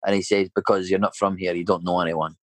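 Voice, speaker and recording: A Scottish painter and decorator in his thirties tells a rambling story in casual chat, peppering it with "mate" and "you know." His deep voice is flat and fast, captured in a dry, poor-quality recording.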